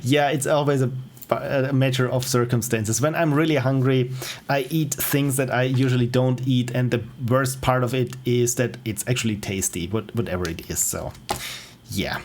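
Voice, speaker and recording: A man's voice: medium pitch, steady tone, normal speed, slight background noise. A man with a German accent, a native German speaker, chatting casually on a livestream as a game developer, rambling and interrupting himself. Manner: rambling, self-interrupting, chuckles often.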